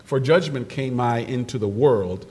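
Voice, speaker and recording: A man preaching a sermon, animated storytelling that jumps into excited quoted voices. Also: medium pitch, measured pace. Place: church sanctuary. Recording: distant microphone in a reverberant church hall with noise.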